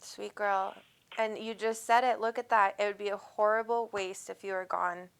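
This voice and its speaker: A woman's voice: mid-range voice, flat delivery, normal speed, gravelly, fairly bright tone, a little hiss or hum. A woman hosting a live call-in psychic reading, talking in an affectionate, rambling way and calling the caller sweet names. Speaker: psychic medium host.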